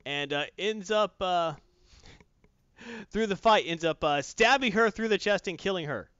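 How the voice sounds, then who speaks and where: Man, casual storyteller, lively voice, slightly high, dry lo-fi audio. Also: a little slow, clear, resonant tone, dry recording. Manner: animated storyteller, acts out voices. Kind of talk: casual chat recapping a comic. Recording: dry muffled lo-fi sound.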